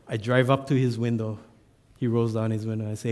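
A man's voice: mid-range voice, level tone, brisk, darkish tone. A man, an assistant pastor, telling a personal story in a sermon with self-deprecating humor.

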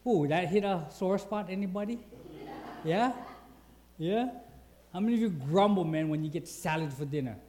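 A man's voice: high-pitched, normal speed, pauses often, dark tone. A man preaching a sermon in a conversational way, asking the congregation questions and reading scripture aloud.

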